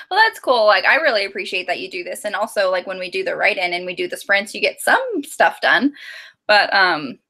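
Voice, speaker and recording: A woman's voice: mid-range voice, sing-song, fairly quick, vocal fry, sharp tone. A woman co-hosting a writing live stream, chatting casually and reading out viewer comments with lots of fillers.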